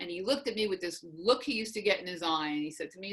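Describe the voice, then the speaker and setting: Middle-aged woman on stage telling her story, bright voice, keeps calling the crowd folks. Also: on the low side, fast. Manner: animated, addresses audience as folks, acts out quotes. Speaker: seminar speaker. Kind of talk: motivational seminar storytelling.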